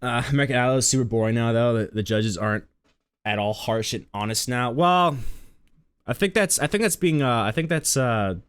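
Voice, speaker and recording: A man's voice: mid-range voice, brisk, a bit bright, clean tone, no room sound. A man streaming live, chatting casually and rambling to his viewers.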